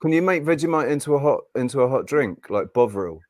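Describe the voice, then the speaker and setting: A man with a mid-pitched voice co-hosting a loose online chat, rambling happily from one thought to the next. His voice sounds close and dry. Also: a little fast, no echo. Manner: relaxed, rambling, says "man" and "mate". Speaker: co-host. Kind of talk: casual live-stream chat.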